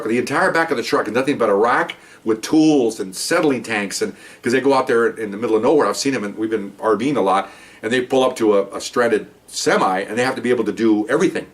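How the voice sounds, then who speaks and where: Casting note: fast-talking man, low voice, ex-cop spinning a rambling yarn, mic a bit distant. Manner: rambling, conversational, lots of "you know" and "okay". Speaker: retired police officer telling stories. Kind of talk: casual storytelling.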